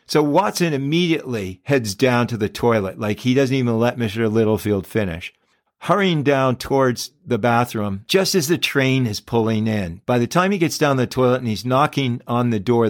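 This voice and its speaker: A man hosting a podcast, retelling a story in a relaxed conversational way with small restarts. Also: mid-range voice, normal speed, no echo, clean studio sound. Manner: conversational, with frequent restarts and fillers. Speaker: podcast host.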